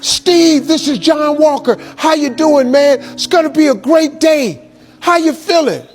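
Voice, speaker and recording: A man's voice: extremely high pitch, measured pace, pitched above the performer's own voice. A man putting on a relentlessly cheery morning caller. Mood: cheery, upbeat. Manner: bright, cheery, repeats the same greeting. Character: relentlessly upbeat adult male morning caller. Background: background music.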